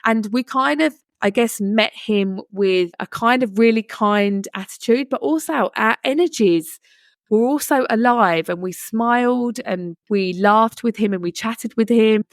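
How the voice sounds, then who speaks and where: A young woman hosts her own podcast and tells a story in a relaxed, earnest way, often adding "you know" as she goes. Her voice has a gravelly fry. The sound is close and dry, with no room around it. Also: on the high side, a little slow, no echo. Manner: chatty, earnest, many "you know" asides. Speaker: podcast host. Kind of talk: casual storytelling monologue.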